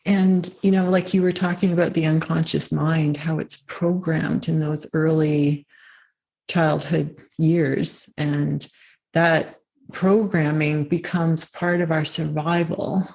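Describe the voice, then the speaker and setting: A woman's voice: deep voice, flat delivery, slow pace, vocal fry, a little mellow. A woman hosting an interview, reflective and affirming, often checking in with her guest. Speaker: host. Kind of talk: interview conversation.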